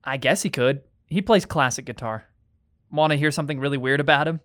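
A young actor playing an earnest, shy teenage boy in a radio drama, eager but quickly defensive. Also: mid-range voice, fairly bright tone, lightly acted.

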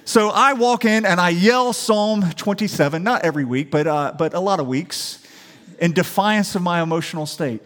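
A man from the Atlanta area preaches a sermon. His voice sits a little high, and it swings between quiet scripture reading and loud, animated declarations. He sounds like a pastor talking to his congregation. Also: moderate pace. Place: church sanctuary.

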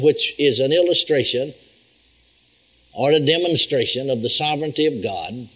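Old preacher guy, slightly high husky voice, folksy sermon, keeps repeating himself. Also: low-quality recording. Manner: folksy, animated teaching with repetitions. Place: church healing school.

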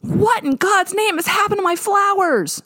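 A woman voicing an excitable middle-aged mother with a high, nasal twang and a gushing, sing-song manner. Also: normal speed, dry recording, studio quality, full character voice. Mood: shrieking. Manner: sing-song and gushing, turns to frantic shrieks.

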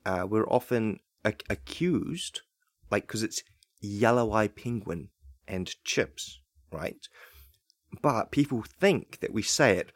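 A man with a New Zealand accent telling a deadpan comic monologue, chatty and conspiratorial, with many rhetorical asides. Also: lowish voice, slow, no echo, studio quality.

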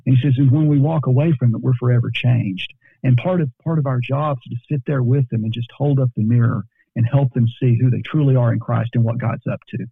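Male podcast guest, counselor, earnest, stumbles on repeated words, gravelly husky voice over a dry phone-like line. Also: mid-range voice, fairly even intonation, fairly quick, dry recording. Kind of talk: podcast conversation.

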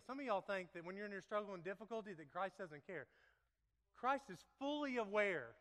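A pastor delivering a sermon in a reverberant hall, his voice high and bright. He banters and laughs with his listeners between points. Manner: playful, laughing, talks to congregation. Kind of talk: sermon with live demonstration.

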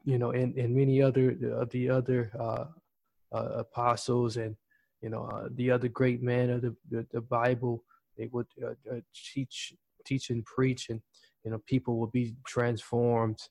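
A male podcast host giving a loose motivational talk in a voice of middling pitch. He rambles, circles back and leans heavily on fillers and repeated words. His voice is close and dry, with no room sound around it. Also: flat delivery, moderate pace, creaky, a little mellow, dry recording.

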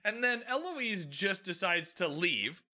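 A man's voice: sits high, big pitch swings, measured pace, pushed and bright. A man giving a casual, sarcastic recap of a TV episode, chatty and often acting out the characters' lines. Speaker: show recapper.

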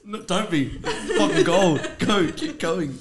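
Teasing low-voiced Kiwi woman. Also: big pitch swings, slow pace, over a noisy crowd. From New Zealand. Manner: teasing, swears freely. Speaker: podcast co-host. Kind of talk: casual chat.

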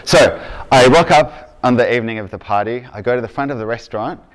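A man's voice: mid-range voice, brisk. A man with an Australian accent, raised in Argentina, preaching a sermon in a casual, storytelling way that keeps checking in with the congregation. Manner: conversational, checks in with "okay?" and "right?".

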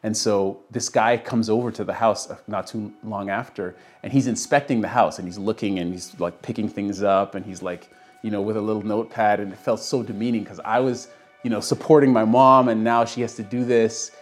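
A man's voice: lowish voice, fairly even intonation, brisk, soft background music. A young man casually telling a personal story, acting out the voices of the people he quotes. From Canada. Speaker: guest telling his story.

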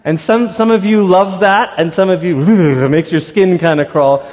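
High-pitched guy preaching in a church, chatty and animated, long echo in the hall. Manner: conversational, animated storytelling with quick asides. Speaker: pastor. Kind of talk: sermon. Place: church sanctuary.

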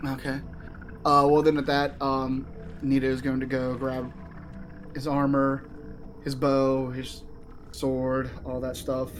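A man's voice: mid-range voice, monotone, slow, long pauses, slight background noise. A man playing a tabletop game, describing his character in a loose, rambling way with many fillers. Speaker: player. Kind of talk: casual play.

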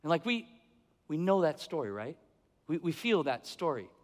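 A man's voice: fairly high pitch, very animated, moderate pace. A middle-aged man preaching a sermon, conversational, asking the congregation questions and acting out the people he quotes. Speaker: pastor. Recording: long hall reverb.

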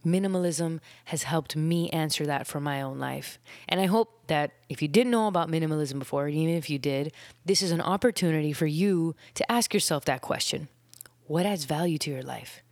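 A young adult woman hosting her own podcast, a little out of breath, talking in an earnest, reflective way, with phrases trailing off into soft breathy whispers. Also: low-pitched, a little fast, dry recording, studio quality. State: out of breath after illness. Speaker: podcast host. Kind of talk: casual solo podcast talk.

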